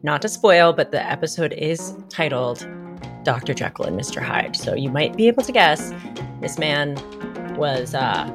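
A woman co-hosting a podcast in excitable casual chat, telling stories with lively energy. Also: sits low, normal speed, over music. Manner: animated, excitable storytelling. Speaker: podcast co-host.

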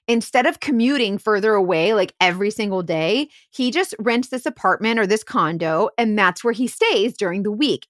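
Woman investigator spinning a case story, chatty and animated, dry close sound. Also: medium pitch, no echo. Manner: animated, heavy use of "like". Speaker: private investigator. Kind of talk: casual storytelling podcast.

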